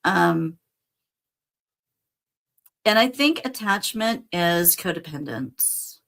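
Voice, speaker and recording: Brief: middle-aged woman host, casual spiritual talk, earnest and direct, lower voice. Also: expressive, very slow, vocal fry, a bit bright. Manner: earnest, conversational, addresses listeners directly.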